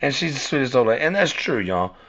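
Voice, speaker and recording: A man's voice: mid-range voice, sing-song, quick pace, a bit bright. Rambling man, lo-fi. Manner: rambling, repeats and restarts, cursing, addresses listeners as y'all. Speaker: podcast host. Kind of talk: casual rambling monologue. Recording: dull lo-fi recording.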